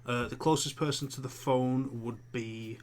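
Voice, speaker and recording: A man narrating a tabletop horror game as game master, pausing often and restarting phrases. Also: mid-range voice, fairly even intonation. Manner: hesitant, many fillers and restarts.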